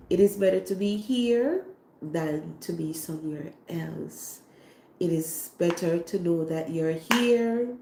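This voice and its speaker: Hoarse Jamaican woman, slow and gravelly. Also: on the low side, warm tone, reverberant, slight background noise. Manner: repetitive, heartfelt, faith-filled. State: hoarse, recovering from illness. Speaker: cooking channel host. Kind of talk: casual livestream talk.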